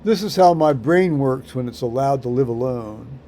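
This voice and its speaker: A man rambling through a solo vlog monologue, halting with many fillers and restarts, with dry dark humor. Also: medium pitch, expressive, slight background noise. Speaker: vlogger.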